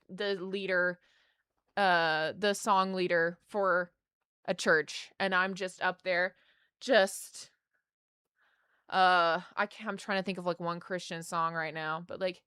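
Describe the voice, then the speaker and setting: Young woman streamer, casual rambling chat, bright tone, dry close sound. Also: mid-range voice, clear, resonant tone, dry recording. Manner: rambling, filler-heavy storytelling with restarts.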